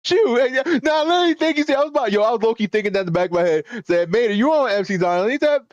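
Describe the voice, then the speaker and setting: A man's voice: very high voice, expressive, racing, no room sound, lo-fi sound. A man streaming a casual reaction to a news clip, swearing freely, laughing often and talking in slang. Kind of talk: casual profane reaction commentary.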